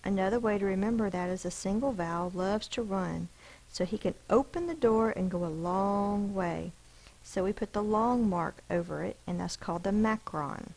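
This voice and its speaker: A woman's voice: mid-range voice, moderate pace, gravelly, a little mellow, low-quality recording. A woman teacher giving a recorded spelling lesson, patiently explaining rules and sounding out each letter and syllable.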